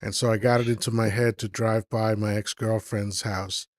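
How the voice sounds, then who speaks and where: A man's voice: on the low side, level tone, moderate pace, dry recording. A man hosting a live call-in stream, chatting casually and rambling as he thinks aloud with lots of fillers. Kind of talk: casual chat.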